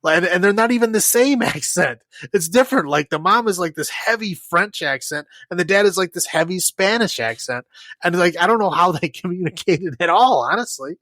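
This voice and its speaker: A man with a somewhat high voice co-hosts a casual movie podcast, rambling through his points with lots of filler words. He laughs often as he picks the film apart. The sound is dry and close. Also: lively intonation, fairly quick, sharp tone, dry recording. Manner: rambling, many fillers, laughs while criticizing. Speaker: podcast co-host. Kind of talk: casual movie review chat.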